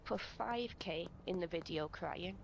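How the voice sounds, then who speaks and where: A woman recounting a personal story in an interview, emotional and halting, with many fillers. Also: on the low side, gravelly, slight background noise, low-quality recording. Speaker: interviewee in a video.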